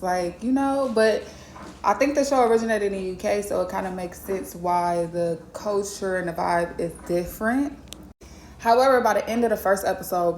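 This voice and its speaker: Blunt, gravelly-voiced woman vlogger. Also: medium pitch, slight background noise. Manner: blunt, profane, slangy and chatty. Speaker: vlogger reviewing a TV show. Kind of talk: casual recap vlog.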